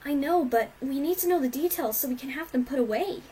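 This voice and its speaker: A woman voicing a brash, tomboyish young female pegasus pony who talks loud and blunt, in a homemade storybook reading. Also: high-pitched, brisk, far from the mic, a little hiss or hum, voice pushed up, close to an everyday voice, low-quality recording. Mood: urgent.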